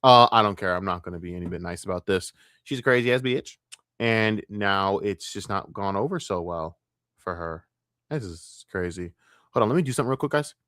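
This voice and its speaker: A man's voice: low voice, brisk, a bit bright, no echo. Crude, sarcastic male streamer, dry sound. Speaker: streamer reacting to clips. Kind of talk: casual live-stream commentary.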